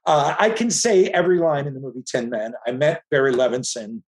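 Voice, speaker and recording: A man in his fifties from the Philadelphia area, a filmmaker guest telling stories in casual conversation with animated restarts. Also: medium pitch, brisk. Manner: animated storytelling with frequent restarts.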